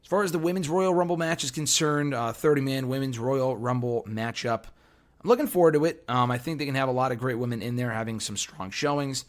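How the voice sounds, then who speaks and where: Hoarse guy doing a solo wrestling podcast, opinionated, lots of ums, mid-pitch voice. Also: brisk. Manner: opinionated, thinking aloud with fillers. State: hoarse, losing his voice. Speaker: podcast host.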